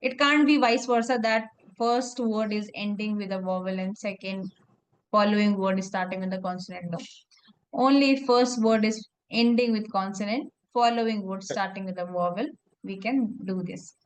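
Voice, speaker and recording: A woman's voice: medium pitch, steady tone, moderate pace, low-quality recording. A woman teaching French pronunciation in a one-on-one lesson, explaining patiently step by step. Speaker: French tutor.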